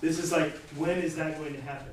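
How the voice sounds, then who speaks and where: A woman's voice: low voice, steady tone, fairly quick. A woman teaching a casual class in a playful way, laughing often and acting out her examples. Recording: echoey noisy room from far off.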